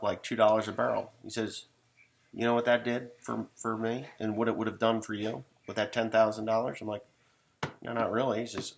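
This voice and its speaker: Gravelly folksy farmer man, rambling. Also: mid-range voice, a bit bright. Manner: rambling, folksy, swears casually. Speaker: farmer telling stories. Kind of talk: casual storytelling monologue.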